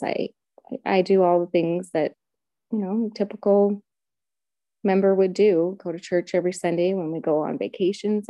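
Middle-aged woman, interview guest, earnest and emotional, mellow low voice, dry close sound. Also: dry recording. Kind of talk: personal testimony in a podcast interview.

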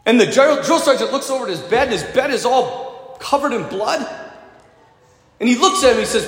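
A man preaching a sermon to his parish, retelling a story with animated, dramatic delivery. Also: high voice, moderate pace, long pauses. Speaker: priest. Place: church. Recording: echoey church hall.

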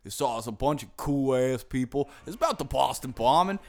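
A man's voice: medium pitch, expressive, normal speed, a little mellow, lightly acted. A man putting on the voice of a cocky, self-promoting middle-aged movie star who rambles and brags. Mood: boastful.

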